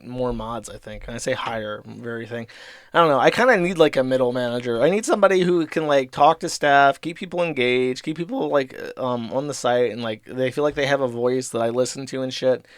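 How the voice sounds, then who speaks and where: A man with a mid-range voice hosts a casual livestream, reading viewer donations aloud and rambling about them with lots of laughing and swearing. The recording is dry and clean, with studio sound.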